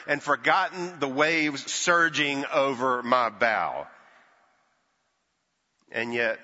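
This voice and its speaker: An older man preaching in a church sanctuary, his bright, forceful voice ringing with a long reverb. The recording is dull and muffled. He tells the story and slips into hushed or raised tones for the quoted voices. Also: medium pitch. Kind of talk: sermon.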